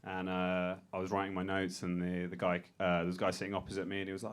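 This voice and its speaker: A man's voice: low voice, completely flat delivery, quick pace, a little hiss or hum. A man doing a stand-up set on a comedy club stage, self-deprecating and a bit hesitant.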